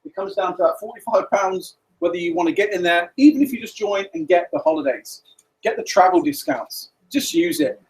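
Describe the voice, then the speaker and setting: A man's voice: high-pitched, animated, fairly quick, rough recording. A man giving a casual, rambling business presentation to a meeting room, with many fillers.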